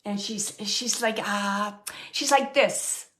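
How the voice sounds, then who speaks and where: A woman hosting a live mediumship reading, gently relaying spirit messages and often pausing to thank the spirit. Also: medium pitch. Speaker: psychic medium and show host.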